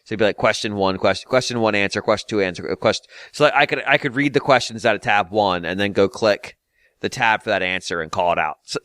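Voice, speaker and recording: A man's voice: fairly low pitch, fairly bright tone, clear, resonant tone, dry recording, studio quality. A man hosting a casual gaming podcast, ranting with exasperated, profane humor and frequent laughter. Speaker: podcast host.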